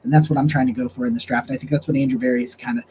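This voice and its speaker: A man's voice: medium pitch, steady tone, rapid-fire, darkish tone, slight background noise, poor audio. A young man casually breaking down football draft picks on his own show, talking loosely with restarts and fillers, a touch hiccupy. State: has the hiccups. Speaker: sports podcast host. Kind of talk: casual sports analysis monologue.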